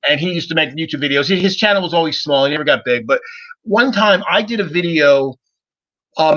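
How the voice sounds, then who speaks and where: A man's voice: a little high, pushed and bright. A man co-hosting a casual panel podcast, talking earnestly and often repeating words as he starts a thought. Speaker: podcast co-host. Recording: dull lo-fi audio.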